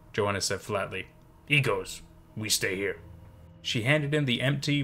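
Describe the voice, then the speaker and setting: A man reads a horror story aloud in a measured, hushed voice. His pitch sits in an ordinary male middle range. The delivery is steady and scripted, built for late-night listening. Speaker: narrator.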